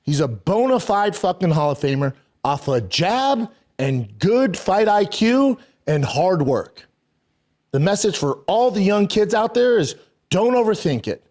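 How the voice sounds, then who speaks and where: Man, podcast rant, emphatic, profane, slightly high, lively pitch. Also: a little slow. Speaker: podcast host.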